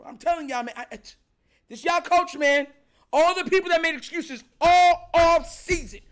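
High-voiced man ranting about football. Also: moderate pace. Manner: animated, exasperated, emphatic repetition. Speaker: sports commentary host. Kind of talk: ranting reaction commentary.

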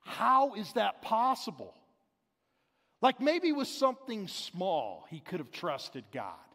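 A man's voice: sits high, huge pitch swings, takes it slowly, fairly bright tone. A pastor preaching a sermon in a conversational, explanatory way, paraphrasing scripture as he goes. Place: large church sanctuary. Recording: long hall reverb.

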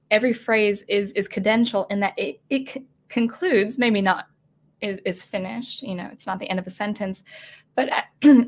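Lady music teacher explaining phrasing, lots of um and uh, voice a little dry. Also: medium pitch. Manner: thinking aloud with many fillers and restarts, singing short examples. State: throat getting dry, voice going. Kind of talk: casual video lesson on melody. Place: at home with a digital keyboard.

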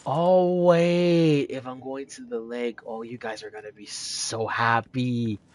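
A man giving casual let's-play commentary on a horror game, excitable, swearing and joking with his viewers. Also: mid-range voice, moderate pace. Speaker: gaming YouTuber.

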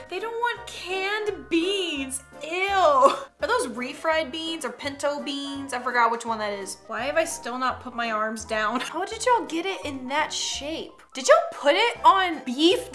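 A woman's voice: high voice, sharp tone. A woman hosting a casual reaction video, laughing often between lines and reacting with exaggerated disgust. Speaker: YouTube host.

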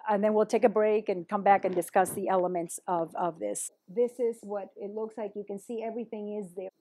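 A woman's voice: medium pitch, fairly even intonation, a little fast, warm tone, a little hiss or hum. A woman presenting a teacher-training workshop, talking animatedly and dropping in Spanish phrases.

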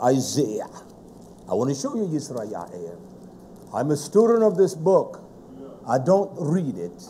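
A man preaching a fiery sermon, forceful and scolding, with heavy emphasis. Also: medium pitch, a little hiss or hum.

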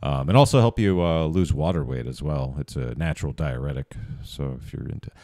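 A man's voice: a bass voice, fairly quick, mellow, no echo, studio quality. A man hosting a reaction video, chatting casually and rambling off into asides with small laughs. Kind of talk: casual commentary.

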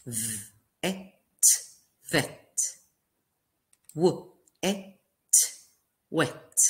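A woman teaching little children to read, stretching each letter and word very slowly. Her low voice swoops up and down in a lively, sing-song way. The sound carries a roomy echo. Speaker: kindergarten teacher. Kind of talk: classroom phonics lesson.

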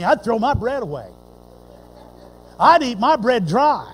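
A man preaching a folksy, animated sermon that swings between loud declaring and hushed storytelling. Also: very high voice, unhurried, a little hiss or hum, low-quality recording. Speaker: pastor.

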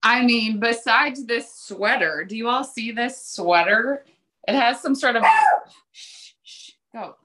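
Female guest trainer, high and bright, chatty and playful. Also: unhurried. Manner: bubbly, animated, chatty. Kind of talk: casual chat.

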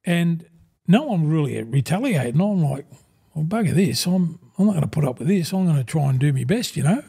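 An older Australian man spins long, rambling yarns in a mellow, dark-toned voice pitched a little above the usual for a man. He keeps throwing in "mate" and slips into the voices of the people in his stories. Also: animated, fairly quick, gravelly, husky. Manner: rambling, calls the host 'mate' constantly, acts out old conversations. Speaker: guest, former rugby league front rower. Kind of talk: casual storytelling interview.

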